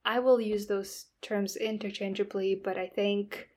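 A woman's voice: mid-range voice, little pitch movement, measured pace, darkish tone. Woman, native russian speaker, podcast guest, explanatory, filler-heavy, conversational. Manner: explanatory, many fillers like "you know". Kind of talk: casual podcast interview.

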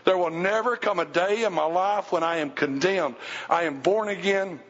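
A man with a high voice preaches a sermon in a church, emphatic and direct, questioning his listeners as he goes. His voice rings with a long hall reverb. The recording is dull and lo-fi. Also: normal speed, fairly bright tone. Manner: emphatic, asks the congregation questions. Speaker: pastor. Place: church sanctuary.

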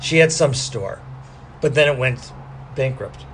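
A man's voice: medium pitch, a little slow, a bit bright, slight background noise. A man co-hosting a casual podcast who explains things in a rambling way, with loose asides and restarts. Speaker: podcast co-host. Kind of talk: casual chat.

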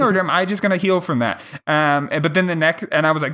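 Podcast co-host, man, bright and forceful tone, slightly high voice, swears freely and acts out every quote. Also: moderate pace, hardly any pauses. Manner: profane, animated retelling with acted-out quotes. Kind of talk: casual storytelling chat.

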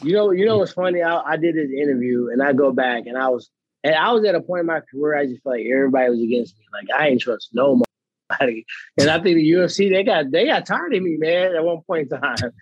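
A man's voice: a little high, quick pace, breathy edge, no room sound, muffled recording. A man in his thirties, a guest on a casual chat show, telling stories with acted-out quotes and frequent laughs. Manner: animated storyteller, acts out quotes, laughs often. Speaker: guest, pro fighter.

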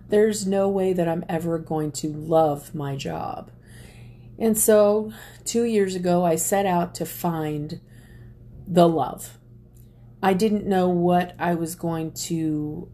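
A woman speaking to an audience, telling a personal story slowly and deliberately, with pauses and restarts. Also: lowish voice, mellow. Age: adult parent. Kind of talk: reflective personal talk to an audience.

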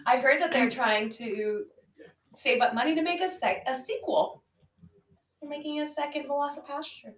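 A woman's voice: high-pitched, expressive, moderate pace, far from the mic. A woman co-hosting a casual podcast, making sarcastic, swearing jokes about a bad movie. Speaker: podcast co-host. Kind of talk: casual movie-roast chat. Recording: echoey, off-mic amateur audio.

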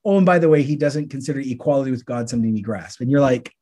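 A man co-hosting a podcast, teaching through Bible passages in a casual, lively way and acting out the questions listeners might ask. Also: mid-range voice, quick pace.

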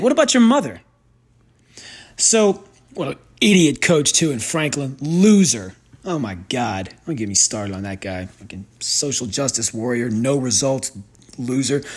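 A man's voice: fairly high pitch, breathy edge. A man hosting a sports betting podcast, ranting in a sarcastic, profane, rambling way into a sensitive desk microphone. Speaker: podcast host and sports bettor. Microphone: new sensitive microphone at a desk.

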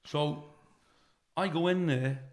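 A man's voice: fairly high pitch, slow. A middle-aged man from the UK, a comedian guest telling a profane anecdote and acting out the people in it. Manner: animated, acts out the people in his stories.

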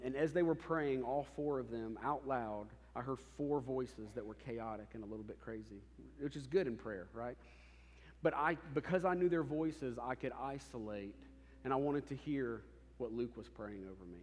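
Animated male pastor in an echoing hall. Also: mid-range voice. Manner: conversational, animated storytelling. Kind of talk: sermon. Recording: long hall reverb.

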